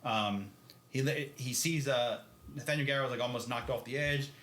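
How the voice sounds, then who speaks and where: A man's voice: medium pitch, moderate pace, a bit bright, roomy sound, a little hiss or hum. A man co-hosting a podcast, recapping a book in a rambling, filler-heavy way and often laughing. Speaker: podcast co-host. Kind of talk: casual chat recapping a book.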